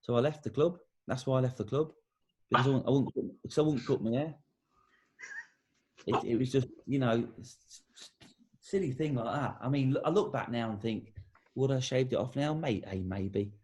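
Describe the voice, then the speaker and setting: A man's voice: mid-range voice, moderate pace, darkish tone, slightly rough. A middle-aged man from England, a former footballer and guest, telling anecdotes in a casual interview and acting out the quotes. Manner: anecdotal storytelling, acts out quotes.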